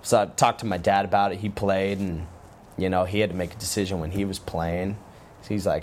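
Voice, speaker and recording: A man with a very low, deep voice tells stories in a relaxed, meandering way, often circling back and restarting his sentences. He talks like an easygoing interview guest. Faint room ambience hums underneath. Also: a little fast, a little hiss or hum. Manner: relaxed, rambling with frequent restarts. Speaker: guest, former pro football player. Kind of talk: casual interview storytelling.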